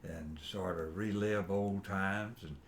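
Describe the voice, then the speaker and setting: Older man, very low voice. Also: steady tone, a little hiss or hum. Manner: rambling, halting recollection with fillers. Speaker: father being interviewed. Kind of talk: casual family interview.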